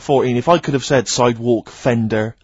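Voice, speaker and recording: A man co-hosting a radio show, teasing and questioning in a dry, quick way. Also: mid-range voice, darkish tone, breathy edge, no echo. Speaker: radio co-host. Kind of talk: casual radio banter. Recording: dull dry lo-fi radio recording.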